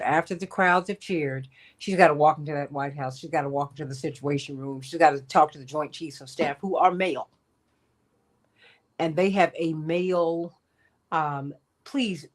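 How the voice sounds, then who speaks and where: A woman hosting a talk show, telling stories in a lively, chatty way with frequent laughs. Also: sits low. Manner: animated storytelling, laughs often, addresses guests by title. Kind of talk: casual radio talk.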